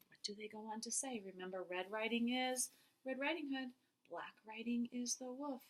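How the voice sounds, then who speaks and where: A woman's voice: fairly high pitch, moderate pace. A woman teaching a classroom reading lesson, encouraging the children and praising them often.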